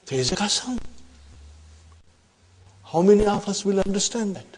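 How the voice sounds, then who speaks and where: Guy teaching arabic grammar to a class, kinda high voice, emphatic, keeps going "huh?". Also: animated, darkish tone, husky. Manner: recites Quranic verses fast in Arabic. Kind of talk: classroom lecture.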